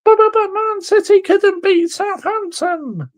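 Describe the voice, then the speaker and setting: A man putting on a mocking, shrill voice for an imagined critic who keeps stammering objections. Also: a little slow. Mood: whiny. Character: whiny high-voiced nagging critic, defensive.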